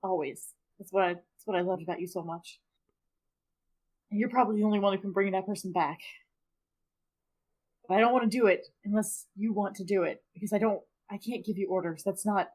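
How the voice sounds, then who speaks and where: A woman's voice: mid-range voice, steady tone, brisk, pauses often, a little mellow, breathy edge, close to an everyday voice. A woman playing an earnest young male adventurer who speaks tenderly, stumbling and repeating words. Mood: pleading. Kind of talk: in-character role-play.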